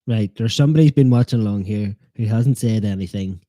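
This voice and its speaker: A man's voice: medium pitch, a little fast, few pauses, mellow, no echo. A man hosting a live football watchalong stream, chatting in a joking, self-deprecating way and teasing his viewers. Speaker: fan channel host.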